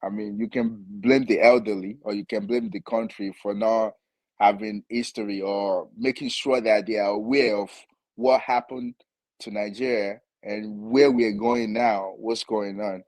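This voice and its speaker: A man's voice: lowish voice, steady tone, unhurried, a little mellow, no room sound, rough recording. A man calling into a live debate, speaking hesitantly and reflectively.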